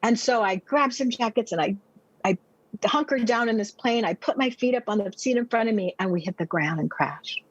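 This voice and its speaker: A woman's voice: fairly high pitch, brisk, breathy edge, no echo, lo-fi sound. An American woman, a pastor and speaker, telling her personal testimony vividly and acting out her own past words as a podcast guest. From United States.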